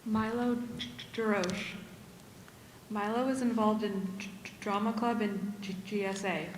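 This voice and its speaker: A woman reads inductees' names and activities in a plain, even way. Her voice rings in an echoey hall with long reverb. A clear background noise hangs under her. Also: medium pitch, measured pace. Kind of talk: reading names and bios.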